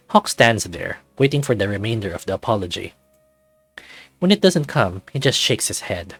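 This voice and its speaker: A man narrating a story in the first person in a measured, expressive way. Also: lowish voice, husky, faint music behind.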